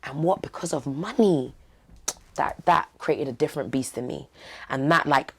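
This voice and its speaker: Young woman, low voice with lots of fry, talking straight from the heart, bit of slang. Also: normal speed, fairly bright tone. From East London. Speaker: podcast guest. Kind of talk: candid interview talk.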